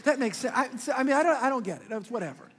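A man preaching a sermon as pastor, telling a story with lively swings between loud and sudden quiet emphasis. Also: extremely high pitch, quick pace, husky. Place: large church hall. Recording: long hall reverb.

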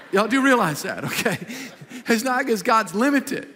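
A man preaching a sermon as pastor, animated and repetitive, acting out little quotes as he goes. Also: sits high, normal speed, slight background noise. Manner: animated preaching, repeats phrases, acts out quotes. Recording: reverberant hall.

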